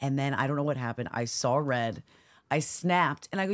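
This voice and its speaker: A woman in her thirties co-hosting a podcast, telling a story with animated, acted-out quotes in a casual chat. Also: rumbling low, moderate pace. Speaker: podcast co-host.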